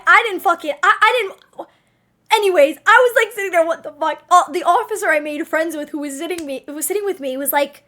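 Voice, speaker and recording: A young woman streamer telling a story to her chat in a casual, animated way, swearing freely. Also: extremely high pitch, fairly quick.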